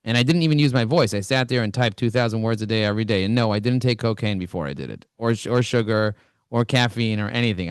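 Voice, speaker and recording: A middle-aged man giving a high-energy business talk, swinging his pitch up and down as he plays out both sides of conversations. His voice sits in an ordinary register and sounds close and dry, with no room around it. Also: smooth, no room sound. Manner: animated storytelling, acts out both sides of dialogues. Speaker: business speaker.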